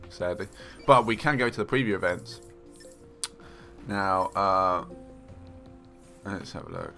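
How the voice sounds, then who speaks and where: A man casually commentating his own racing game play, excitable, joking and rambling. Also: on the low side, poor audio. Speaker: games journalist playing and commenting.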